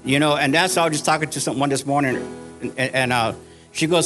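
An older man giving an earnest church testimony, halting and repeating himself, with faint music behind. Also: on the high side. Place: church service.

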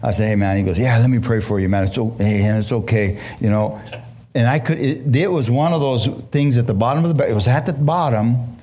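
Impassioned preacher man, halting and fervent. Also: medium pitch, dark tone. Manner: impassioned, halting, many restarts, calls to the congregation. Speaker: preacher giving a testimony. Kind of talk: emotional sermon testimony.

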